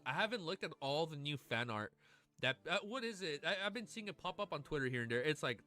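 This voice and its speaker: A man streaming casually, chatting excitedly with his audience, swearing and gushing, at times near tears. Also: a little high. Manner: excitable, swears often, gushes and laughs. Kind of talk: casual livestream chat.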